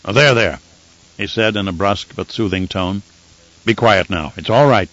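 A man's voice: on the low side, moderate pace, fairly bright tone, voice pushed down, lightly acted. A man voicing a cruel, bloated, imperious baron who barks brusque commands in an audiobook reading. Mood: brusque soothing. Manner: brusque, commanding, bellowing orders. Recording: dull lo-fi dry audiobook recording.

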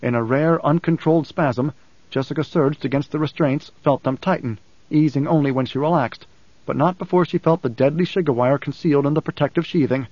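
A man reading a novel aloud in steady, even audiobook narration on a close mic. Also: a little high, brisk, no echo. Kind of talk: scripted narration. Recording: slightly dull dry studio recording.

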